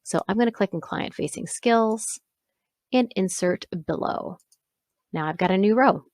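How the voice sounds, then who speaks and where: A woman instructor talking through a software exercise step by step, pausing to correct herself along the way. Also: mid-range voice, dry recording. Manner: step-by-step, self-correcting with small asides. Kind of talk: screen-recorded software walkthrough.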